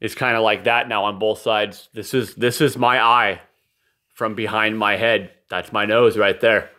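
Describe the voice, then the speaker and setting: Fairly low in pitch and fairly even, his bright, forceful voice moves a little slowly as this father records a message to camera inside his nightlit home. The talk is casual and meandering, full of apologies, with occasional profane rants.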